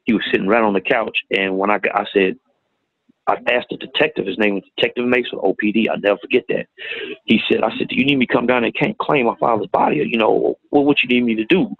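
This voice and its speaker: A middle-aged man telling a painful personal story in a plain-spoken, halting way, recorded with tinny phone-like sound. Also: on the low side, no echo. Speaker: guest telling his story. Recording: tinny phone-like audio, dry.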